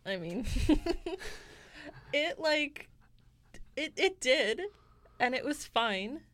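A woman's voice: sits high, animated, extremely slow, fairly bright tone. A young woman co-hosting a candid chat, blunt and teasing, often laughing. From Canada. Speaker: podcast co-host.

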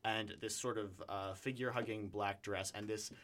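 A man's voice: on the low side, fairly even intonation, moderate pace, a bit bright. A man talking as an actor guest in a casual chat, telling anecdotes in a chatty way with many fillers.

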